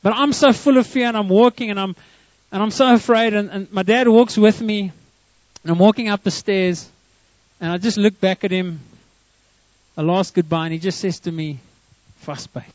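A man's voice: high-pitched, fairly even intonation, normal speed, a little mellow, dry recording. A middle-aged man with a South African accent, preaching in a conversational storytelling manner, often restarting his sentences. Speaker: pastor. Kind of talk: sermon. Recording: dull, muffled dry recording.

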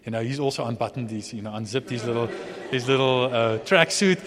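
A man preaching a sermon in a relaxed, chatty way, often restarting and chuckling. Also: medium pitch, fairly quick. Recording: long hall reverb.

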